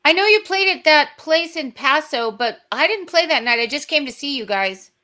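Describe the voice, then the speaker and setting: A female musician guest in casual chat, chatty and quick to laugh. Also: sits high, expressive, bright, forceful tone.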